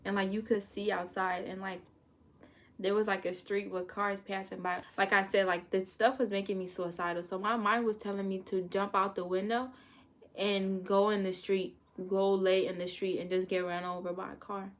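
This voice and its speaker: Animated woman telling a storytime vlog. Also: normal speed. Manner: animated, acts out her own past panic with sudden high-pitched outbursts and laughter. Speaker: vlogger telling a personal story.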